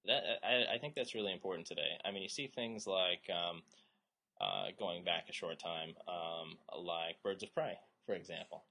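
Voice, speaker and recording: A man's voice: sits low, moderate pace, gravelly, bright, forceful tone. A man in his thirties co-hosting a casual podcast, rambling and joking, now and then slipping into silly voices. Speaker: podcast co-host.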